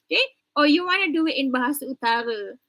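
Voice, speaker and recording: A woman's voice: high voice, lively intonation, fast, gravelly, bright, forceful tone, no room sound, rough recording. A woman from Kelantan with a Malaysian English accent, briefing her class online in a chatty, teasing way and switching between English and Malay. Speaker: university lecturer.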